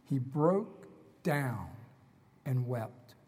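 A man preaching a sermon dramatically, swinging between loud emphasis and hushed whispers. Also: mid-range voice, expressive, drawn-out words, breathy edge, big-room sound.

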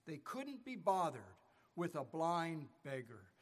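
A man's voice: a little high, very animated, takes it slowly. A man preaching a sermon as pastor, telling stories with rising and falling emphasis. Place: church sanctuary. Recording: church sanctuary with long reverb.

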